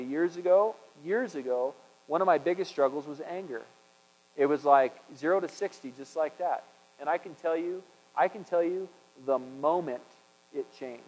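A man preaching a conversational sermon, swinging from loud emphasis to hushed tones. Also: on the high side, long reverb tail, poor audio. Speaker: pastor.

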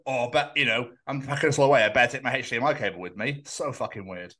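A man co-hosting a podcast in casual chat, telling sweary, animated stories and acting out what other people said. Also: medium pitch, fast, hardly any pauses. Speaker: podcast co-host.

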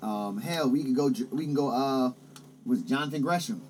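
A man's voice: mid-range voice, moderate pace, darkish tone. A man chatting casually about wrestling, laid-back and swearing, repeating his points.

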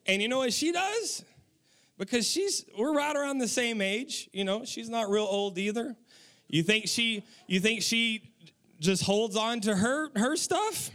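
A young adult man preaching a sermon as pastor, telling a story with animated delivery and acting out his own lines. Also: sits high, unhurried.

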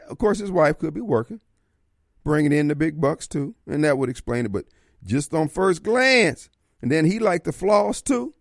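Male radio host; folksy, theatrical monologue, pitch bounding all over, a touch high. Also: animated, unhurried, vocal fry, no echo, clean studio sound. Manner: theatrical, folksy, slips into voices and asides. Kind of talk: opinionated talk radio monologue. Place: radio studio.

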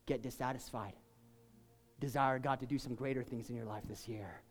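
A man preaching a sermon, swinging from quiet, intimate talk to shouted, fervent peaks. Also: mid-range voice, steady tone, moderate pace. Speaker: pastor. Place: church sanctuary. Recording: long hall reverb, faint music.

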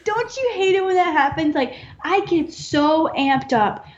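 A woman's voice: extremely high pitch, expressive, a little slow. Giggly woman, muffled recording. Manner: giggly, rambling, confessional. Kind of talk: casual chat.

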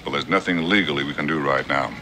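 A blunt older official with a very deep, dry, matter-of-fact voice. A film clip with clear ambience running underneath. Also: male voice, fast, background noise. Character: blunt older male official advising on a lease.

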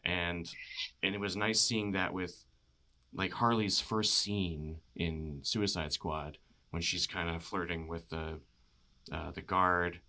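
A man's voice: sits low, fairly even intonation, slow, bright, forceful tone. A man talking casually about films, rambling with lots of fillers and frequent laughs. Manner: rambling, many "you know" fillers, laughs often. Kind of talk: casual film chat.

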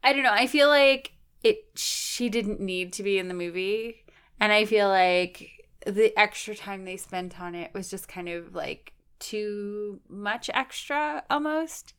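A woman's voice: mid-range voice, measured pace, clear, resonant tone. Chatty Canadian woman saying "like" a lot. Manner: chatty, heavy use of "like", animated. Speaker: podcast co-host. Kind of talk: casual podcast film discussion.

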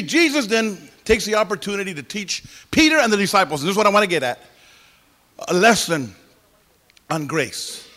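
The man's voice sits high, a bit bright with vocal fry, as he preaches as pastor during a church service. He's folksy and exclamatory, interjecting hallelujahs and praise the Lord and singing syllables to mimic music in his stories.

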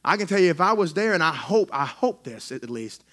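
A man, a pastor preaching a sermon in a church in an excitable, conversational way with frequent restarts. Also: on the high side, fairly quick. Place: church sanctuary.

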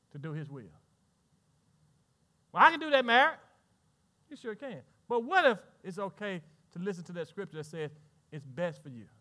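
A man's voice: high-pitched, pushed and bright. A middle-aged man with a Southern American accent preaching a sermon as pastor, trading lines with imagined churchgoers and laughing along. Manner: preaching with call-and-response asides and laughter; voices imagined congregants in quick back-and-forth.

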